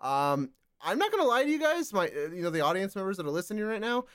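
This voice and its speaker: A male podcast host chatting about games, his pitch rising and falling a lot as he talks. He rambles, leaning on "um" and "like," and his voice sits dry and close with no room sound. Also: quick pace, clear, resonant tone, dry recording. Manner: rambling, filler-heavy, expressive. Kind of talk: casual podcast chat.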